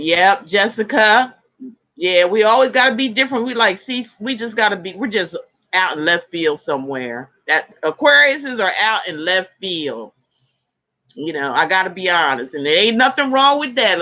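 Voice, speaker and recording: Talkative lady greeting her live chat, bright voice that jumps all over, laughs a lot. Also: mid-range voice, normal speed. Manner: chatty, greets viewers and reads comments aloud; laughs easily, animated exclamations. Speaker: tarot reader hosting a live stream. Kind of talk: casual live-stream chat.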